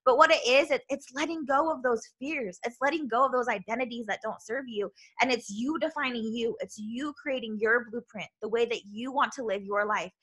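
Bright, bubbly woman coaching on a podcast. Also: fairly high pitch, brisk, hardly any pauses, husky. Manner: loud and bubbly; earnest, with many "right?" tags. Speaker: self-love coach and podcast host. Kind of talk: motivational podcast monologue.

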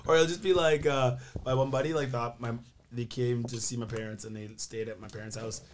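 A young man with a raspy, gravelly voice tells stories in relaxed podcast chat, laughing between lines. His pitch sits in a middle range, with a faint hiss of noise behind him. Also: fairly quick. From Yukon, Canada. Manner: laid-back storytelling, frequent laughs. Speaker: podcast guest. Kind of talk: casual chat.

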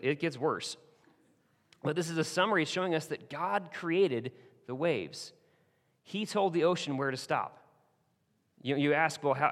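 A man preaching a sermon, animated and casual, acting out the voices in the stories he tells. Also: medium pitch. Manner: animated, acts out quoted voices. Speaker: pastor. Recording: long hall reverb.

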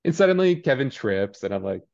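A man co-hosting a podcast, casually recapping a TV episode and acting out the characters in quick, animated asides. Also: medium pitch, gravelly. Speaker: podcast co-host. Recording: dull lo-fi sound.

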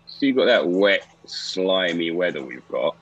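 Brief: wry, low male chatter, muffled sound. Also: very animated, unhurried, husky. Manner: wry, teasing, mock-patriotic. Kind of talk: casual chat. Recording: dull lo-fi sound.

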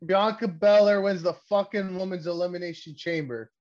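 Male podcast host, Canadian, a little high-pitched, swears a lot and rambles, dull lo-fi mic. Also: moderate pace. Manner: profane, rambling, excitable. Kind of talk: casual wrestling podcast chat.

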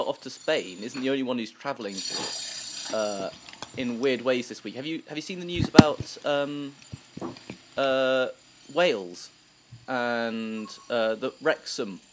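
A man's voice: medium pitch, noisy background. A man co-hosting a casual chat show, rambling, punning and often stumbling over his words. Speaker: co-host.

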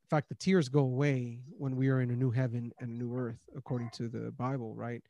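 A man's voice: medium pitch, little pitch movement, a little fast, gravelly, mellow, no room sound. A man hosting a Christian discussion, speaking earnestly with many restarts and rising emphasis on key points. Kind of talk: casual faith discussion.

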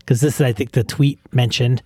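A man's voice: medium pitch, steady tone, brisk, mellow, breathy edge, no echo. A man co-hosting a casual gaming podcast, talking loosely with restarts and asides. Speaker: podcast co-host. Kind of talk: casual chat.

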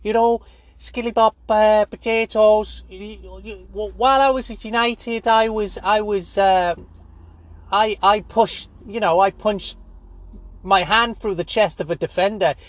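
A man's voice: fairly even intonation, measured pace. Man putting on a whiny stammering Scouse footballer. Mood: moaning. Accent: Liverpool. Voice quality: high strained whine, stammering.

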